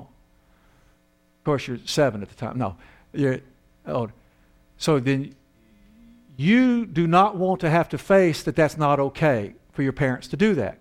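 Guy preaching a sermon, pretty high voice, super animated, keeps asking the crowd if they get it. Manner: animated, acts out voices and asks the audience questions.

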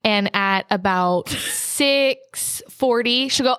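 A woman's voice: fairly high pitch, takes it slowly, fairly bright tone, clear, resonant tone, no room sound, studio quality. Wry, teasing woman podcast co-host. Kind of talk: casual chat.

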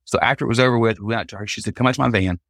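With rapid-fire delivery and a voice on the low side, this Christian singer tells a personal story as a podcast guest, animatedly acting out the quotes. The studio-quality recording has no room sound.

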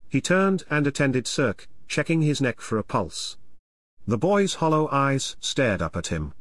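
A man narrates a novel with a lively, swinging voice. His reading is dramatic and expressive, recorded dry and close with no room sound. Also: medium pitch, normal speed, no echo. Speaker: audiobook narrator. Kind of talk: scripted narration.

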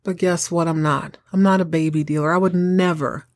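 A woman's voice: fairly low pitch, fairly even intonation, normal speed, no echo, studio quality, close to an everyday voice. Brief: defensive, indignant young man, as a woman puts him on. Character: indignant young man, grandson and errand boy.

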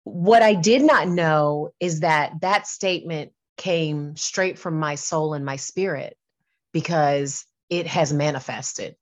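A woman's voice: low voice, slow pace. A middle-aged woman talking candidly and earnestly as an interview guest, repeating and restarting phrases as she makes her point. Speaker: singer and entertainment business owner, interview guest.

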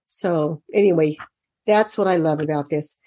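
In a low, dark voice at normal speed, a woman gives a casual instructional walkthrough of children's reading workbooks for parents, recorded dry on a computer mic during an online screen share. She chats and thinks aloud, slipping into a sing-song tone when reading to kids.

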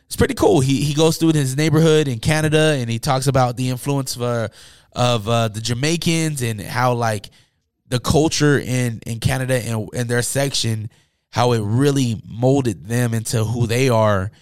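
A man's voice: mid-range voice, moderate pace, no room sound, clean studio sound. A man hosting a podcast and chatting in a loose, motivational way, with many fillers and restarts. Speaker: podcast host and DJ. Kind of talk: casual podcast monologue.

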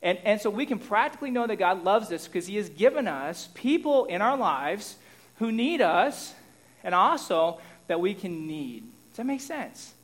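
A man preaching a sermon in a conversational way, often checking in with his listeners and moving between loud emphasis and quiet asides. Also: high-pitched, big pitch swings, normal speed. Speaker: pastor.

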